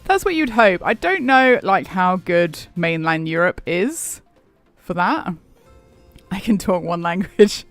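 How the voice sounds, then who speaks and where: A man's voice: sits high, animated, slow, a bit bright, no echo. A man streaming a game, chatting casually and rambling, laughing often as he answers chat. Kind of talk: casual live-stream chat while gaming. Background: faint background music.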